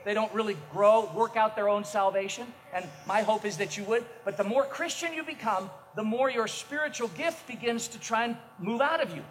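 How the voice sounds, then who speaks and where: High-voiced pastor preaching in a hall. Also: male voice, normal speed, hardly any pauses. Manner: energetic, self-mocking storytelling with bursts of shouting. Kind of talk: sermon. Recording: echoey hall, faint noise.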